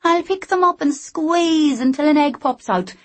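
A woman voicing a lively, teasing young woman who talks in a bright sing-song. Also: high voice, normal speed, pitched above the performer's own voice, natural voice. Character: lively, cheeky young Scottish woman, playful.

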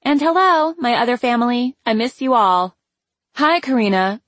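A bright, raised voice for a teasing, excitable young woman who exclaims and presses with questions, as a woman narrator puts her on. The read is close and dry. It is pitched well above the reader's own lower voice. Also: moderate pace, dry recording. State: out of breath. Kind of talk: audiobook character voice.

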